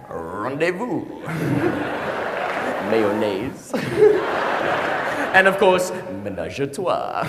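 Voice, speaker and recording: A man's voice: sits high, noisy background. A man performing a stand-up comedy routine on stage, telling stories animatedly with playful asides. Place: large hall, on stage. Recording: echoey hall, live audience laughter. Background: audience laughter.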